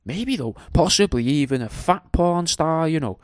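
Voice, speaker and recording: A man's voice: fairly high pitch, lively intonation, moderate pace, no echo, studio quality. A middle-aged man hosts a radio show, rambling in a jokey, crude, digressive way and tagging questions onto his lines. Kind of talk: casual rambling monologue.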